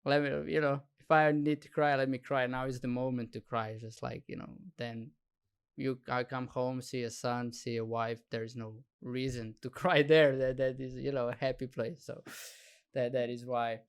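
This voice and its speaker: A man's voice: medium pitch, fairly even intonation, moderate pace, smooth. A man hosting a podcast in casual chat, laughing often and leaning on "you know" as he talks. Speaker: podcast host.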